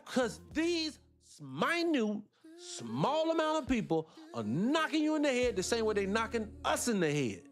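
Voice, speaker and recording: A Black American English accent marks this American man's speech as he hosts a channel with fiery, profane reactions. He's animated and profane, his volume rising loud and dropping low.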